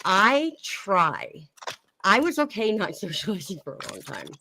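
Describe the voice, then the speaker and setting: A woman's voice: medium pitch, wildly swooping pitch, a little slow, creaky, pushed and bright, a little hiss or hum. A young woman chatting casually on her live stream, reading chat messages aloud and laughing often.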